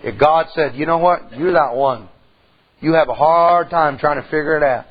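Middle-aged preacher guy, raspy voice, folksy storytelling sermon, kinda muffled church recording. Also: fairly high pitch, normal speed. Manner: folksy storytelling, rises to loud emphatic preaching.

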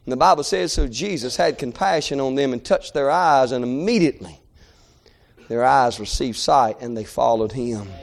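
A man preaching a sermon in a church service, impassioned and building into shouted crescendos. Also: medium pitch, moderate pace, creaky.

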